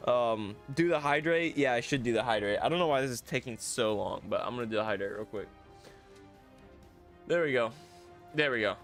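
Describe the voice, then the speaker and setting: A man's voice: a little high, vocal fry. A man doing casual gameplay commentary as a YouTuber, playful and laughing constantly while he reads viewer comments. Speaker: gaming YouTuber.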